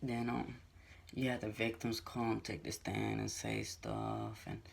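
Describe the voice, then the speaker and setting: A man's voice: level tone, a little slow, a little hiss or hum. A man in his twenties casually telling a personal story to camera, loose and rambling, with lots of fillers. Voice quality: gravelly low voice with heavy fry.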